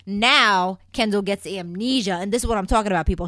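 A woman's voice: medium pitch, brisk, pushed and bright, no echo, studio quality. A woman from Puerto Rico chatting in a sassy, gossipy way as she recaps a soap opera, calling her viewers "people". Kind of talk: casual chat.

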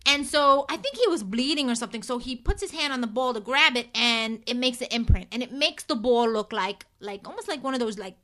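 A woman's voice: a little high, fairly quick, few pauses. A woman co-hosting a casual chat show, animatedly recapping a soap opera and calling out to her listeners. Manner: animated, addresses listeners as "people". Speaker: co-host.

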